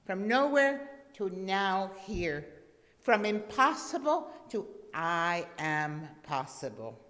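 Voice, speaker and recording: A woman guest minister giving a sermon, gentle and repeating her key points. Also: mid-range voice, very animated, takes it slowly. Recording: long reverb in a church hall.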